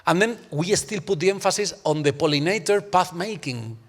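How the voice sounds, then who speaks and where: A man's voice: sits high, moderate pace. Emphatic man arguing in a reverberant hall. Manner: emphatic, argumentative, uses rhetorical questions. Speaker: panel discussant. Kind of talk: academic panel discussion.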